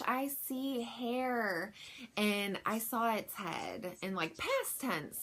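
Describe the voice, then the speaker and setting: A woman's voice: mid-range voice, fairly bright tone. A young woman telling a personal story in a frank, chatty way, with lots of fillers. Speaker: vlogger.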